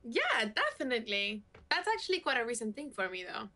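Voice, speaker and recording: A woman's voice: fairly high pitch, big pitch swings, a little fast, sharp tone. Teasing young Spanish woman. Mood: playful. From Granada, Spain. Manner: teasing, playful, laughs often. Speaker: date in a video dating game.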